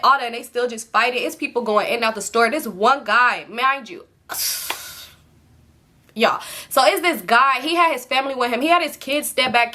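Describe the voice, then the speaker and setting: Animated storytelling woman, high and bright. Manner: animated, profane, addresses viewers as y'all. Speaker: storytime vlogger. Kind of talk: casual storytelling to viewers.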